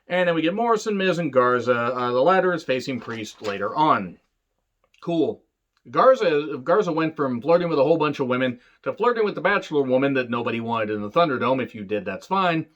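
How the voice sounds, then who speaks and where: A man's voice: mid-range voice, expressive, brisk, a bit bright, dull audio. A man who reviews wrestling shows in a casual, sarcastic way, with a lot of swearing and jokes. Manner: sarcastic, joking, rambling. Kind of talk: casual profane commentary.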